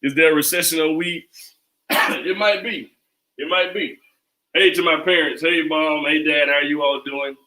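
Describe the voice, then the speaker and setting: A man's voice: on the high side, flat delivery, moderate pace, sharp tone. A man hosting a casual cooking livestream from his home kitchen, talking loosely and repeating phrases like a chant. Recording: echoey kitchen, mic at a distance.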